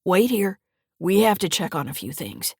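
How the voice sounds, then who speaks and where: A woman's voice: on the low side, very animated, moderate pace, vocal fry, darkish tone, slightly rough, dry recording, studio quality, full character voice. A woman voicing a stern older male state trooper who questions firmly. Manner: firm, questioning.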